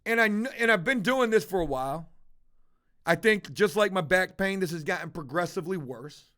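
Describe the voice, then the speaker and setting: A man's voice: high voice, lively intonation, normal speed, bright, forceful tone. A man livestreaming to his viewers, telling a confessional story in a blunt, profane, casual way. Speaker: livestreaming vlogger.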